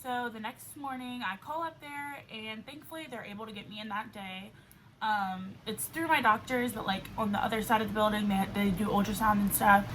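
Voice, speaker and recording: A woman's voice: mid-range voice, fairly even intonation, moderate pace, fairly bright tone, poor audio. Young woman in her 20s rambling through a story, says like a lot, faint hiss behind. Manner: chatty, fills speech with "like". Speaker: vlogger. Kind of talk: casual storytelling. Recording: faint background noise, level cutting in and out.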